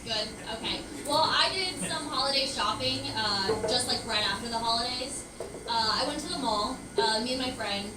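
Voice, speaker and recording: A woman starting a stand-up comedy set, chatting softly with the audience. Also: fairly high pitch, normal speed, music in the background. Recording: distant, echoey club recording with noise.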